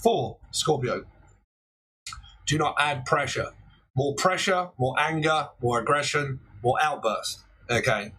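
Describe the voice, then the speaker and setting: A man's voice: medium pitch, slow pace, long pauses, pushed and bright, a little hiss or hum, poor audio. A man in his forties doing a chatty live-stream tarot reading, laughing often between points and breaking into theatrical quoted outbursts. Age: 40s. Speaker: tarot reader.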